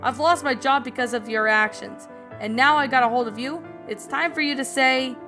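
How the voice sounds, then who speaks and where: A woman's voice: sits high, normal speed, faint music behind. A woman doing an angry drill sergeant. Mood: furious. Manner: shouting, threatening.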